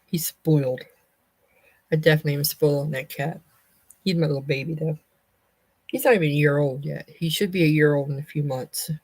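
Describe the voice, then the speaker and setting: A Southern woman chats loosely on a home live stream, rambling from one small topic to the next. Her voice sits a little low for a woman, and her talk stays easygoing and unhurried. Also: fairly even intonation, darkish tone. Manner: chatty, rambling, calls to her cat in a high voice. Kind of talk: casual live stream chat.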